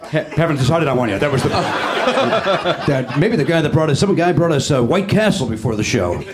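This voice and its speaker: A middle-aged man hosting a live comedy podcast on a club stage, teasing the audience with quick sarcastic crowd work. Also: fairly high pitch, very animated, heavy background noise.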